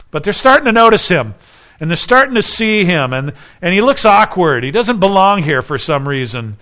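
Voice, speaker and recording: A male preacher with a fairly high voice delivers an expository sermon. He acts out the quoted lines with raised emphasis and drops into quiet asides. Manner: shifts between soft asides and raised emphasis. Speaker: pastor.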